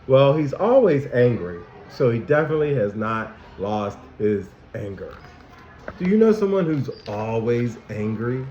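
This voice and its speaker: Animated man talking to small children. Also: medium pitch, a little slow, slight background noise. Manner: animated, asks children many questions. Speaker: school counselor. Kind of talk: lesson for young children. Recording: dull, echoey room recording.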